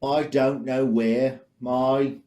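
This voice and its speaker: A man doing a clumsy, halting impression of an Australian bloke with a poor fake accent. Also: medium pitch, level tone, mellow, roomy sound. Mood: goofy. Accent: poor imitation of Australian. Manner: halting, fumbling for words.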